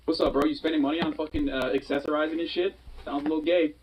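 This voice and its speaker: A man's voice: on the high side, flat delivery, fast talker, distant mic, a little hiss or hum, rough recording. A man co-hosting a stream, reacting to a video in a teasing, slangy, incredulous way. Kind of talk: profane reaction chat.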